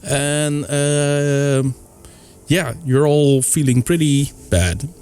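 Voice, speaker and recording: A man's voice: a little high, very slow, darkish tone. A man acting as game master, chatting loosely and joking with his players. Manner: joking, filler-heavy. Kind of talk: casual chat and game narration.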